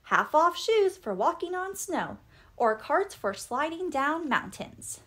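A woman putting on a jolly, hearty shopkeeper man for a storybook, whooping and booming with a lively, swooping voice. He sounds eager to sell and friendly. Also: slow pace, full character voice.

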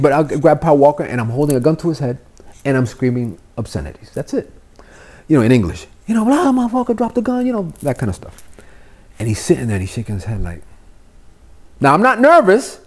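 A middle-aged man from Miami, of Cuban family, telling stories as a podcast guest in a loose, swearing style and acting out the voices. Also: fairly high pitch. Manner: animated, swearing, acts out the voices in his stories. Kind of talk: casual storytelling chat.

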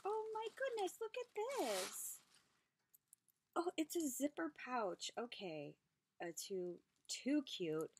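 A woman hosting a craft vlog, unboxing handmade gifts and gushing over each one with gasps and soft whispered asides. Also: high voice, very animated, slow, a little hiss or hum. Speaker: craft channel host. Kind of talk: unboxing craft mail, casual chat.

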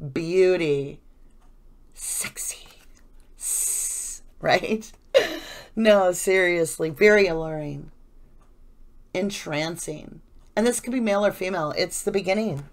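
A woman giving a casual, effusive tarot reading, chatting and rambling to her viewers. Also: on the low side. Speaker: tarot reader.

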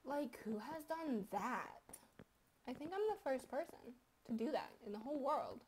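A woman's voice: high-pitched, lively intonation, normal speed, darkish tone, slight background noise. A young woman in her teens, rambling, swearing and giggling as she comments on a game she is playing at home. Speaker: gaming YouTuber. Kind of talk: casual gaming commentary.

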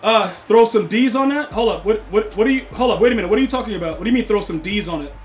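A man streaming a game live, bantering and teasing his chat, swearing and shouting at plays. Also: high-pitched, racing, faint music behind. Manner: excitable, swears, loud outbursts at the game. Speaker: gaming streamer.

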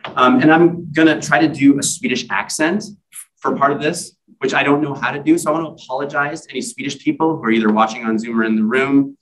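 A man's voice: mid-range voice, fairly even intonation, quick pace, fairly bright tone. Male author, library reading, self-deprecating humor, chatty asides with ums, mid-range voice, distant mic. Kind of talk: book reading at a library event. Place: library event room.

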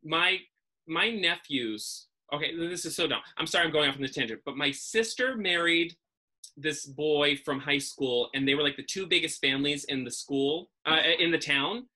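A man's voice: a little high, normal speed, sharp tone. A man from Massachusetts hosting a podcast, chatting casually over a video call and wandering into self-deprecating tangents. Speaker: podcast host.

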